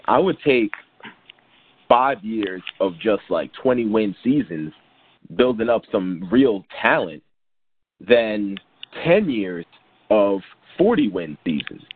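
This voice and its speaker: A man's voice: lowish voice, sing-song, slow, a little hiss or hum. A man co-hosting a sports podcast, chatting casually with many restarts and fillers. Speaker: podcast co-host. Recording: tinny phone-like sound.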